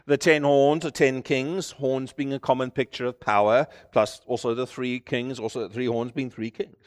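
A man preaching a sermon at a middle pitch, his emphatic delivery climbing into forceful, ringing declarations. His voice carries a long reverb from the church hall around him. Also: steady tone, normal speed.

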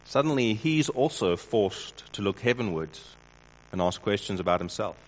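A man preaching a sermon in a measured way, with wry mock-dramatic asides. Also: fairly low pitch, expressive, slight background noise. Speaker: pastor. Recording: dull lo-fi recording.

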